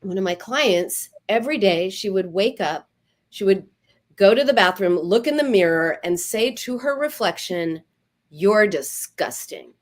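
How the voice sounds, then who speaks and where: A woman therapist, a guest on an interview show, giving lively advice and acting out quoted self-talk. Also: mid-range voice, moderate pace. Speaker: eating disorder therapist, guest. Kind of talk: conversational advice.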